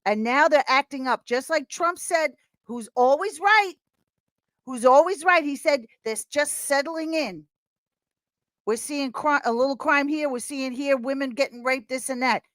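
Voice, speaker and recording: A woman as a podcast guest in casual chat, talking in an animated, rambling way and laughing often. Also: high-pitched, unhurried, dry recording.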